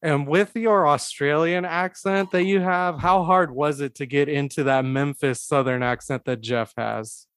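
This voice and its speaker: A man's voice: fairly high pitch, steady tone, unhurried, few pauses, a bit bright, clear, resonant tone. A man hosting a podcast, asking questions in a playful, joking way. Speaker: podcast host. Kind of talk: casual podcast interview chat.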